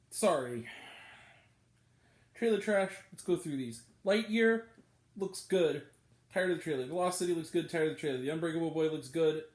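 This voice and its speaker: A man's voice: on the high side, darkish tone, reverberant. A man giving a blunt, exasperated, profane movie review as host of his own show. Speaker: film reviewer.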